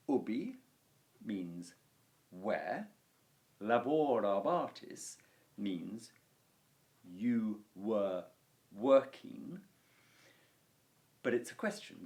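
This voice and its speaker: A man teaching a Latin grammar lesson, explaining at an unhurried pace and slowing down to spell out example phrases. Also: on the low side, darkish tone. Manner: unhurried, repeats words, slows for Latin examples. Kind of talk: relaxed spoken grammar lesson.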